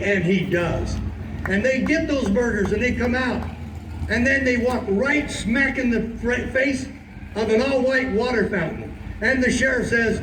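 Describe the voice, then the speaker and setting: A man with a high voice delivers a fiery, preachy outdoor speech, leaning hard on key words as he tells his story. His voice rings with echo and reaches the mic from some distance. A faint hum of noise sits underneath. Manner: impassioned storytelling, emphatic and preachy. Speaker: sheriff and political activist. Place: outdoors at a city hall.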